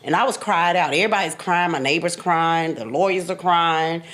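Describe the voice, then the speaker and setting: A woman's voice: lowish voice, moderate pace, fairly bright tone. A woman in her fifties, a podcast guest, bluntly telling her own story with emphatic repeats and occasional laughs. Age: 50s. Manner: blunt, emphatic, repeats phrases, laughs through hard memories. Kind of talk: candid personal storytelling.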